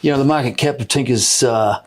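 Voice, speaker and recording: A man with a New Zealand accent speaks in a middle-pitched, ordinary voice. He is a company chief executive in an investor interview who stumbles and repeats words as he works through his answers. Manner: halting, repeats words while explaining. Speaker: mining company CEO.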